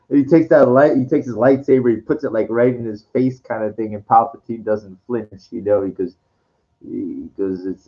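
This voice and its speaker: A man talking in a rambling, casual monologue, full of restarts and fillers, sometimes dropping into a low slow voice to quote lines. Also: highs cut off.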